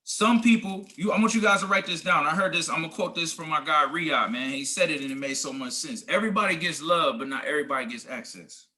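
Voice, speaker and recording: Forceful, bright-voiced motivational man. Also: on the high side, brisk, few pauses. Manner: preachy, emphatic, slangy, addresses listeners as guys and family. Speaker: team leader coaching a business group. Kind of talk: motivational talk on a group call.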